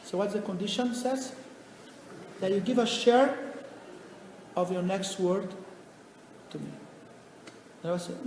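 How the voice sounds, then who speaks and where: Man, rabbi, storytelling lecture, animated, high voice, echoey hall. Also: takes it slowly, long pauses. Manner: animated, acts out the people in his stories, non-native phrasing. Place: lecture venue. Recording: echoey hall, faint noise.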